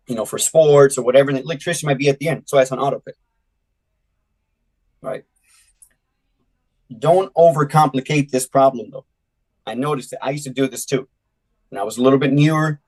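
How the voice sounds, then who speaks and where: A man from California giving live sales training, coaching in an energetic way and acting out door-to-door conversations. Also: medium pitch, poor audio.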